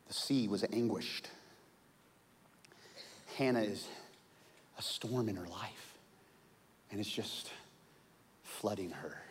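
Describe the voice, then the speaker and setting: A man preaching a sermon in an animated way, acting out the voices of the people in his story. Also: lowish voice, long reverb tail. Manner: animated, acts out quoted voices. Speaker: pastor.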